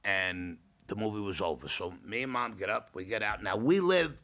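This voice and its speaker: A man's voice: on the low side, expressive, moderate pace, fairly bright tone. A middle-aged man, a father co-hosting a podcast, telling rambling, profane stories in casual chat.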